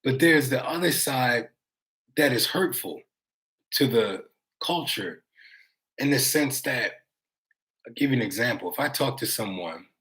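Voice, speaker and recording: A man's voice: medium pitch, fairly bright tone. An American man vlogging live, chatting casually to his viewers in a rambling, conversational way, reading their comments aloud and swearing now and then. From United States.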